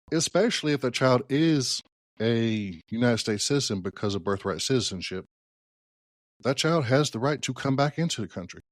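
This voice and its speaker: A man's voice: on the low side, no echo, studio quality. A man hosting a solo political podcast, talking conversationally and thinking aloud with hedges and restarts. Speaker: podcast host.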